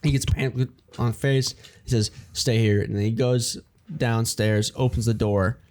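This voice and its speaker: A man's voice: mid-range voice, steady tone, normal speed, darkish tone, a little hiss or hum. A man casually brainstorming a story idea with friends, rambling with many fillers and restarts and acting out the characters' lines. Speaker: writer pitching a story idea.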